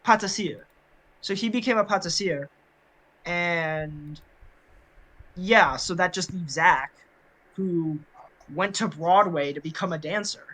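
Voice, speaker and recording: A man's voice: sits high, slow, long pauses, sharp tone, poor audio. A man co-hosting a casual podcast chat, rambling with many fillers and restarts. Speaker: podcast co-host.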